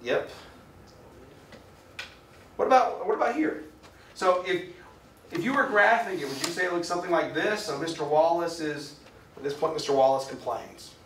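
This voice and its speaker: A man's voice: a little high, moderate pace, long pauses, a little hiss or hum. A man giving a chatty, jokey classroom lecture and asking his class questions. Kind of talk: classroom lecture with student discussion. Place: lecture hall. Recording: echoey lecture hall from far off.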